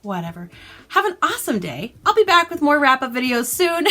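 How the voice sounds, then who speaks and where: Speaking a little fast in a high-sitting voice, a woman vlogs from home with a casual book review. She retells it in an animated way, sounding exasperated and sarcastic.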